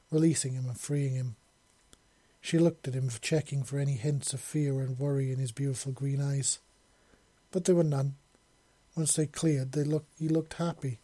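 A man narrating a romance story as an audiobook, steady, with small self-corrections. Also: medium pitch, slightly rough, dry recording.

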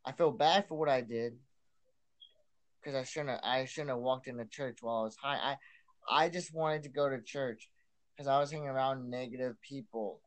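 A man's voice: mid-range voice, normal speed. Earnest young man giving testimony. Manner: earnest, repeats himself and restarts often. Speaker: podcast guest. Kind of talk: personal testimony.

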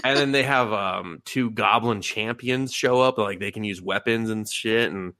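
A man co-hosting a podcast, recapping a show in loose, profane chat and jumping into quick voices for the characters. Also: fairly low pitch, pushed and bright, no echo. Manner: profane, rambling, acts out quotes in sudden voices. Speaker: podcast co-host. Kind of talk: casual anime recap chat.

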